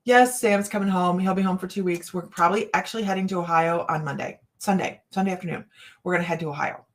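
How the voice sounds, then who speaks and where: A woman's voice: lowish voice, fast talker. A middle-aged woman reading cards on a casual live chat, rambling and laughing often. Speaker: psychic card reader.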